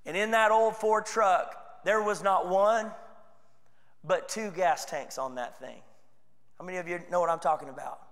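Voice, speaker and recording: A man's voice: high-pitched, normal speed, fairly bright tone, long reverb tail. A man with a Texan accent preaching a sermon in a church, earnest and conversational, slipping into quoted voices. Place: church sanctuary.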